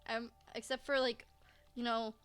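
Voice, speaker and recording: A woman's voice: a little high, flat delivery, a little slow, a bit bright, smooth. A woman streamer giving casual let's-play commentary, rambling to herself with frequent restarts and giggles. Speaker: game streamer.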